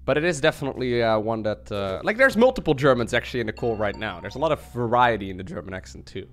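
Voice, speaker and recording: A man from Austria, chatting in a relaxed, musing way during a game. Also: mid-range voice, fast, soft background music. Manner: relaxed, muses aloud. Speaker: game player. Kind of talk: casual voice chat during a game.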